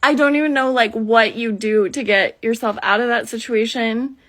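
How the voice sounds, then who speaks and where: A woman with a somewhat high voice tells a story to camera. She sounds flustered and mortified, and her sentences keep breaking off. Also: fairly even intonation, normal speed, fairly bright tone.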